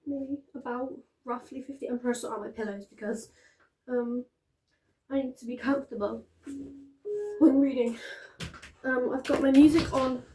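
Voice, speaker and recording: A woman's voice: fairly high pitch, darkish tone. Chatty young woman rambling casually. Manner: rambling, chatty, self-interrupting. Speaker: reading vlogger. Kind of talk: casual chat to camera. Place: at home, sitting on a bed with pillows.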